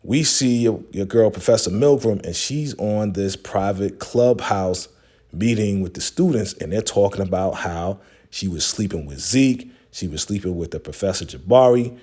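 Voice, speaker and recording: A man's voice: lowish voice, normal speed, warm tone. A man casually recapping a TV episode as host, in a slangy, laid-back retelling with lots of fillers.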